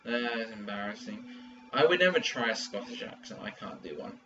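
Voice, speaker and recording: Bright-voiced man chatting casually. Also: on the low side, expressive, a little fast. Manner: chatty, self-interrupting. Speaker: podcast co-host. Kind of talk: casual chat. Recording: distant mic, dull sound, faint hiss.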